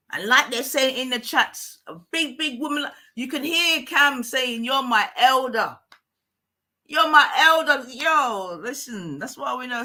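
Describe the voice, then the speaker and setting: A woman's voice: on the high side, sharp tone. A woman ranting on her own live stream, emphatic and repetitive, often asking the listener whether they follow. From London.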